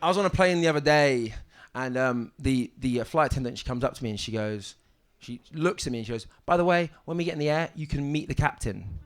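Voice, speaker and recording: A young man doing a stand-up set on a comedy club stage, halting and deadpan, with many ums and restarts. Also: mid-range voice.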